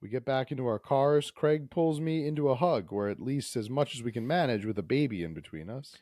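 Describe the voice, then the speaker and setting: A man's voice: mid-range voice, expressive, fairly quick, darkish tone, no echo, studio quality. A man hosting a podcast, reading a dating game aloud and chatting playfully with some hesitant fillers. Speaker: podcast host.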